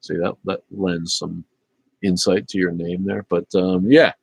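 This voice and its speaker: A man in his fifties hosts a relaxed livestream, reading chat and rambling loosely with lots of fillers. His deep, husky voice is unhurried with vocal fry, and there's no room sound.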